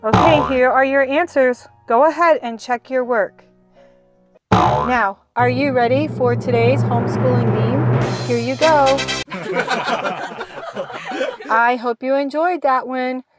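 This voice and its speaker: A woman with a fairly high voice reads a children's book aloud as a homeschool lesson. She speaks slowly and clearly, like a teacher, and talks directly to the learner. Faint music plays softly underneath. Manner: slow, clear teacherly reading.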